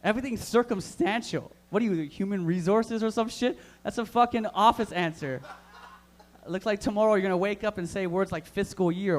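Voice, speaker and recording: A man with a high-pitched voice working the crowd at a live open mic. His stand-up is crude and loud, full of hyped banter thrown straight at the audience. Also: brisk. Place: live comedy room in a vapor lounge.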